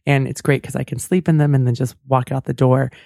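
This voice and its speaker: In a casual storytelling monologue, a podcast host shares something personal, chatty and reflective with plenty of asides, as she hosts a talk show. Her bass voice is creaky and warm yet flat in delivery, and fairly quick. The studio-quality recording has no echo.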